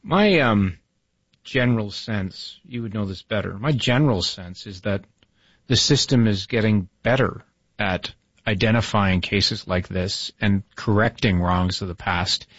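A man's voice: lowish voice, a little slow, fairly bright tone, breathy edge, dry recording, muffled recording. A man hosting a radio interview, asking conversational, rambling questions. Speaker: radio host.

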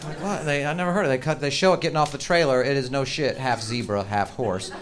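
A man's voice: mid-range voice, fast, a crowd in the background, noisy background. A middle-aged man doing profane, ranting, self-mocking stand-up comedy in a live club set. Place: comedy stage.

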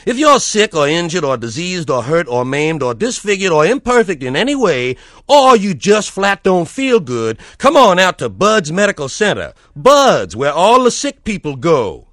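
A man's voice: big pitch swings, normal speed, few pauses, a bit bright, dry recording, studio quality. A man playing a folksy clinic owner delivering a mock radio ad. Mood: salesy. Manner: folksy sales pitch.

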